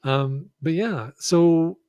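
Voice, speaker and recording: A man's voice: fairly high pitch, very slow, dark tone, no room sound, muffled recording. A man chatting as a guest on a podcast, rambling and hesitant, full of ums and restarts. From Canada. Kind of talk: casual podcast chat.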